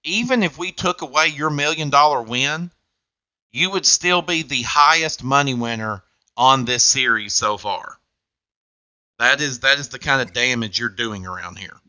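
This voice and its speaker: A man's voice: medium pitch, moderate pace, pushed and bright, no room sound. A man hosting a game show, with upbeat, jokey patter.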